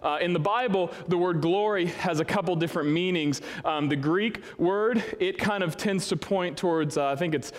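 A man preaching a sermon to his congregation, animated and conversational, recorded in a church hall. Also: high-pitched, moderate pace, hardly any pauses. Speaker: pastor. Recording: long hall reverb.

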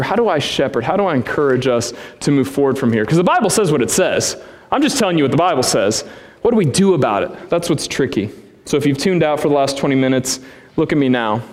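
Earnest preaching man in a reverberant church. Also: medium pitch. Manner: earnest, conversational preaching with asides. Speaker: pastor. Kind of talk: sermon. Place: church sanctuary. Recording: long hall reverb.

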